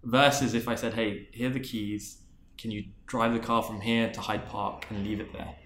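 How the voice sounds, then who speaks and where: A man's voice: on the low side, little pitch movement, moderate pace, a bit bright, reverberant, a little hiss or hum. A man, a marketing executive and interview guest, sharing a career story in an earnest, reflective way, often restarting and repeating words.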